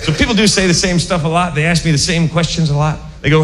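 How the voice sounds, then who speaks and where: A man's voice: sits high, a little fast, a bit bright. A man doing stand-up comedy with wry, mocking imitations. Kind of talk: live stand-up set.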